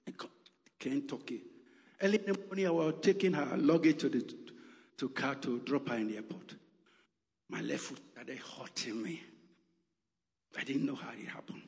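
A man's voice: medium pitch, a little mellow, big-room sound. A man preaching a sermon with emphatic calls and repeated exclamations.

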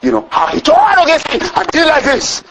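High-voiced animated preacher man. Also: brisk, creaky, noisy background. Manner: animated, bursts of exclamation and chuckles. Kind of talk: storytelling sermon.

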